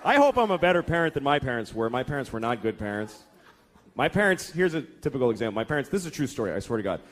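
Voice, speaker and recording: A man's voice: mid-range voice, sing-song, quick pace. A man doing a stand-up routine, telling stories in a profane, exasperated way. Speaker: stand-up comedian.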